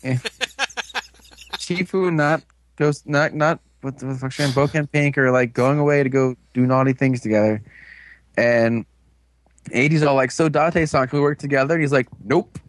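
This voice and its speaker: A man's voice: mid-range voice, a little slow, pauses often. A man casually recapping an episode in a rambling, amused way, with plenty of fillers. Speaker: podcast co-host recapping an episode. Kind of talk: casual chat.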